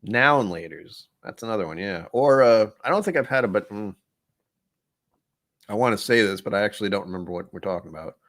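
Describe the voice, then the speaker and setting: Male streamer, low-pitched, loose and rambling, chats to chat between sips. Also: animated, fairly quick, fairly bright tone. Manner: rambling, offhand, thinks aloud. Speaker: livestream host. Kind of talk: casual whiskey-tasting livestream chat.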